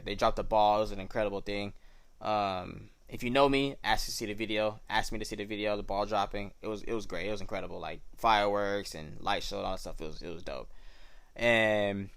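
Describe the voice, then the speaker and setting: A young man hosting a podcast, telling his personal faith testimony in a relaxed, slangy, reflective way. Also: fairly low pitch, moderate pace, creaky, clear, resonant tone, no room sound. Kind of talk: casual personal storytelling.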